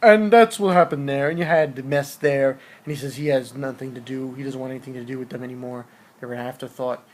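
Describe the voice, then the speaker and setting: A man's voice: medium pitch, fairly even intonation, quick pace, a little mellow, a little hiss or hum. A man with a stuffy nose casually reviewing a manga chapter, rambling and hesitant with lots of restarts and fillers.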